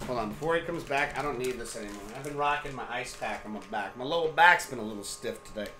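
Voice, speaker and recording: A man's voice: mid-range voice, expressive, fast talker, pushed and bright. A man in his thirties hosting a casual sports live stream from home, joking and swearing as he chats. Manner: joking, profane, chatty. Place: home room. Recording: echoey room.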